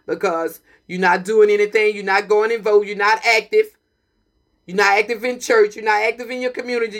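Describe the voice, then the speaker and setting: A woman hosting a community radio broadcast, talking with preachy, emphatic passion and repeating her points. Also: fairly high pitch. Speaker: radio host.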